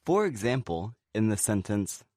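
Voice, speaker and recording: A man co-presenting a scripted pronunciation lesson, explaining in a relaxed way and saying example words slowly and clearly. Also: lowish voice, dry recording, clean studio sound. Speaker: pronunciation teacher.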